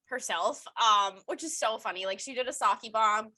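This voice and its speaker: A young woman co-hosts a casual podcast in a bright, fairly high voice. She rambles from story to story, swears freely and keeps breaking into laughter. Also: moderate pace, slight background noise. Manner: profane, rambling, laughs often. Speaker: podcast co-host. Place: outdoors at her mother's home. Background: dog barking and squirrel noises.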